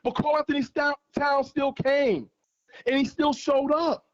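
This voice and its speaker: Heard through a muffled recording, his very high voice comes out flat and measured in pace. He's a guest caller on a fan sports livestream, and the debate is heated: he argues with passion and keeps repeating points to drive them home.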